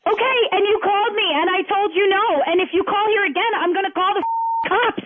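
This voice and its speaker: An exasperated woman shouts insults and demands down the phone, her voice very high-pitched. The call sounds tinny and narrow, with a faint hiss under it. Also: fairly quick. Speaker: prank call target. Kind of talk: angry phone conversation.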